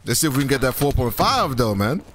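A young man from the US Virgin Islands, excitably trash-talking in profane bursts as a game streamer. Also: medium pitch, fast talker, noisy background. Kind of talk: casual live-stream commentary.

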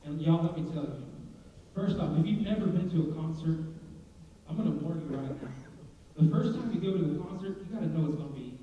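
A man's voice: on the high side, a little fast, slight background noise. A young man preaching a sermon in a church, joking and asking the congregation questions. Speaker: pastor. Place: church sanctuary. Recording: echoey hall, distant dull mic.

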